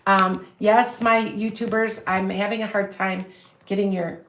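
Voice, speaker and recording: A woman's voice: mid-range voice, flat delivery, unhurried, a bit bright, slight background noise. Woman, Chicago accent, psychic medium livestream, rambling and self-assured, roomy echo, phone on a stand. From US Midwest. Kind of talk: casual livestream talk.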